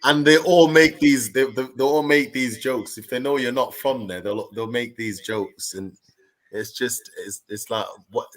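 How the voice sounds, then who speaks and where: A man on a football chat panel who talks haltingly, repeating words and calling people "mate". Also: medium pitch, low-quality recording.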